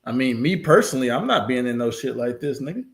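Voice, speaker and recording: A man's voice: mid-range voice, big pitch swings, fast talker. A man hosting a reaction video, talking bluntly and casually with plenty of profanity. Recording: roomy echo.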